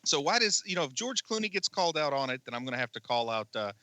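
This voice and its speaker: A man co-hosting a movie podcast, chatting casually and voicing strong, animated opinions. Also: fairly high pitch, no room sound. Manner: animated, opinionated, quick jokes. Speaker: podcast co-host.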